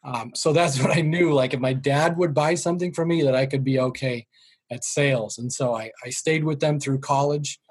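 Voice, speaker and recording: A middle-aged man with a Boston accent tells stories as an interview guest. His voice is husky and rough around the edges. He jokes at his own expense and lowers his voice when he quotes his parents. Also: fairly even intonation, moderate pace. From Boston area. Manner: self-deprecating, jokey, drops voice for quoted parents. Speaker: sales trainer, guest. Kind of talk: storytelling interview.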